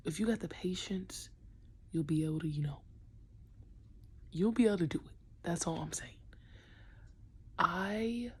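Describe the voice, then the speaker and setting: Husky and fairly low in pitch, this woman's voice belongs to a young basketball coach chatting casually in a vlog. She uses slang, half-whispers a lot, stays animated, and mimics the kids she talks about.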